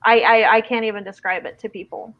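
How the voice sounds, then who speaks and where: A woman's voice: on the high side, steady tone, brisk, lo-fi sound. A woman from the American Midwest hosting a casual livestream chat, chatty and reading viewer comments aloud. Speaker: livestream host.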